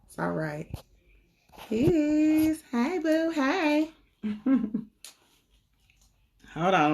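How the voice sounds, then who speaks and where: A woman's voice: on the low side, creaky, a bit bright, a little hiss or hum. A young woman, a spiritual reader, chatting casually on a livestream, greeting viewers and talking to the chat.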